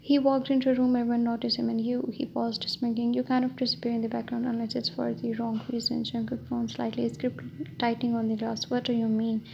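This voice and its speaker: A woman reading a fan-fiction story aloud in an even way, stumbling now and then. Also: fairly high pitch, fast, creaky. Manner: flat, even reading with small slips. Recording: dull lo-fi with faint hiss.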